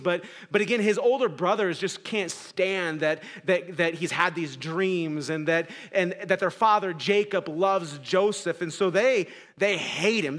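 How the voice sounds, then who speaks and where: A pastor preaches to his church in a fairly high voice that drops to near hush and then climbs to urgent emphasis. His delivery is conversational and full of small restarts. The sound carries a long hall reverb, as if captured in a church sanctuary. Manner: dramatic swings between quiet and loud; conversational, self-correcting preaching. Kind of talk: sermon.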